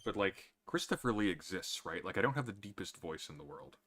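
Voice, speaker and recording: Very deep-voiced man, dry and sardonic. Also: expressive, brisk, a bit bright. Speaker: streamer answering chat questions. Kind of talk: casual livestream chat.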